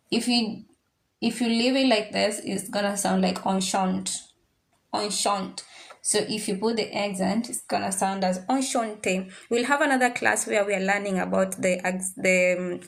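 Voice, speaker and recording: Slow-speaking woman teaching French. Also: mid-range voice, gravelly. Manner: drills pronunciations by repeating words slowly. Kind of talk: classroom language lesson. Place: classroom with students.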